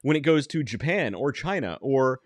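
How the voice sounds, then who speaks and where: Lively, animated man chatting. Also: mid-range voice, moderate pace, no echo. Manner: animated, rambling with restarts and dry jokes. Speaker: podcast host. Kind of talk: casual chat.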